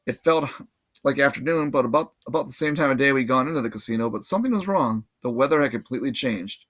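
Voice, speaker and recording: A man reading a novel aloud in casual, lively first-person narration. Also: medium pitch, fast. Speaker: audiobook reader.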